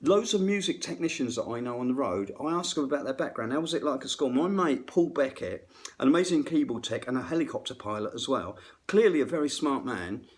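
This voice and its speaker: A man's voice: medium pitch, expressive, a little fast. A middle-aged man, a musician, ranting unrehearsed between bits of playing, rambling, self-deprecating and swearing freely. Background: faint guitar playing.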